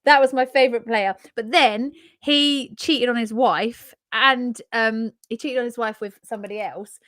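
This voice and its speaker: A woman's voice: a little high, moderate pace, fairly bright tone, no echo, studio quality. A woman co-hosting a podcast in casual chat, giggly and blunt with her opinions. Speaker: podcast co-host.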